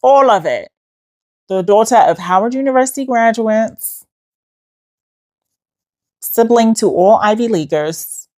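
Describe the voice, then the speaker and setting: A woman from New York City talks in a casual, chatty voice note. Her American accent carries a slight British tinge. She tells her stories in a sassy, joking, animated way, like a friend confiding. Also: fairly high pitch, unhurried, pauses often. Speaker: host.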